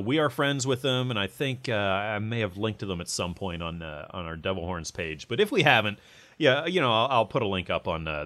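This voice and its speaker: Casual podcast host, a man, lowish voice, rambling on a close mic. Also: fairly bright tone. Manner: rambling, many fillers.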